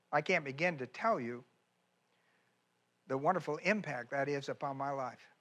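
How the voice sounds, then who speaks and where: A man's voice: medium pitch, unhurried, a bit bright. A man preaching a sermon as pastor, folksy and emphatic, with chatty asides and repeated phrases. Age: older.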